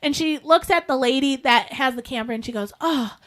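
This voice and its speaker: A woman co-hosting a podcast, telling a story in casual chat, animated and often laughing, with lots of "like". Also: sits high, fairly quick. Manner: frequent filler "like". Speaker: podcast co-host.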